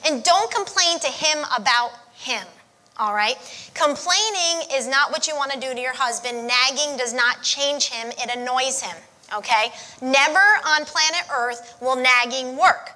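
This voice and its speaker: A woman's voice: high voice, a little slow, sharp tone. A woman teaching a church marriage class, giving direct advice and often checking in with "okay?". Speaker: marriage counselor.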